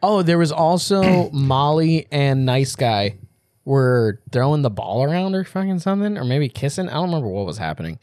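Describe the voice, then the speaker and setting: A man's voice: on the high side, lively intonation, normal speed, darkish tone, no echo, clean studio sound. A young man co-hosting a podcast, chatting crudely and animatedly about a film's plot and quoting characters. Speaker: podcast co-host. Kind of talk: casual chat.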